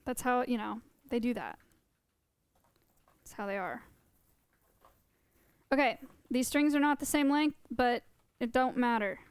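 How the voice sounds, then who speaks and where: A young woman chats casually and rambles on a live stream, talking close to her mic. Her voice sits a bit high and sounds smooth and clear. The sound is dry, with no room echo. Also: unhurried, pauses often. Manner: chatty, rambling, laughs often. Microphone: close desk mic.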